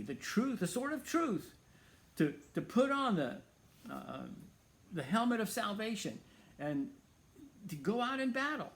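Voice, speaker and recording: A man's voice: sits high, very animated, a little slow, pauses often, a bit bright. A man hosting a Christian talk show, speaking earnestly and emphatically as he reasons aloud.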